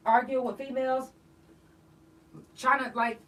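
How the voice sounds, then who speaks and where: A woman's voice: sits high, flat delivery, slow pace, a bit bright. A woman hosting a podcast, ranting bluntly and profanely in an emphatic, outspoken monologue. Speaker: podcast host. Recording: voice a bit far from the mic.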